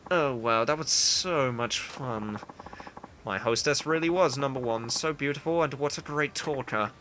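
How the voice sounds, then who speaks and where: A man's voice: mid-range voice, unhurried, fairly bright tone, slight background noise, natural voice. A man voicing a whiny, pompous young male aristocrat in a video game, sounding haughty and condescending. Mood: delighted. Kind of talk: reading game dialogue aloud.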